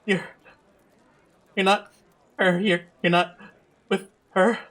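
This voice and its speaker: A man's voice: high-pitched, slow pace, pitched above the performer's own voice. A man voicing a frightened one-eyed man shaken by a nightmare, stammering and breathless as he talks. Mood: fearful.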